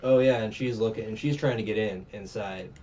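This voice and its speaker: Casual male podcaster, low voice, rambles through a movie recap, recorded off-mic and muffled. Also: a little fast, warm tone. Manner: rambling, full of ums and uhs, acts out lines. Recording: distant, muffled mic with faint noise.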